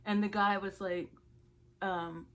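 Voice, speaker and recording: Woman vlogger, mid-pitch, casual indignant storyteller. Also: little pitch movement, slow pace. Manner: chatty, indignant storytelling with laughs. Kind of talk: get-ready-with-me story time.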